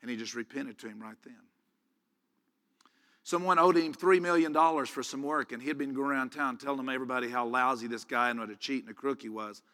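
A man's voice: medium pitch, fairly even intonation, fast talker, bright, forceful tone, big-room sound. A man preaching, retelling a personal story in a folksy, rambling way full of restarts. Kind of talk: storytelling sermon.

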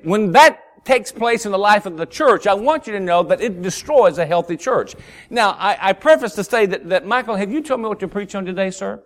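A man preaching a sermon and telling a humorous story, acting out the voices of the people in it. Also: sits high. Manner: folksy storyteller, acts out voices, lively. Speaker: pastor.

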